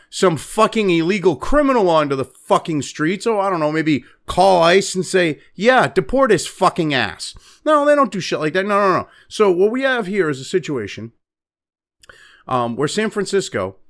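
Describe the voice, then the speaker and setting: A man's voice: a little high, fairly bright tone. A man from New Hampshire hosting a profane political commentary show, ranting with heavy swearing and lots of fillers. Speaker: host.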